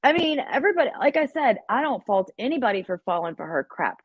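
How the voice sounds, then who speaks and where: A woman's voice: a little high, very animated, quick pace, slightly rough, no echo, muffled recording. A woman hosting a casual livestream, rambling and swearing as she talks straight to her viewers. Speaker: livestream host. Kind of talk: casual live-stream chat.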